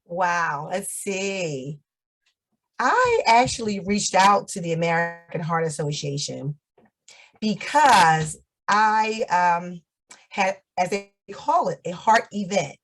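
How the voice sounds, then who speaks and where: A woman's voice: on the low side, big pitch swings, takes it slowly, poor audio. A woman in her fifties, a guest on an interview show, telling her story in a chatty way and laughing often. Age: 50s.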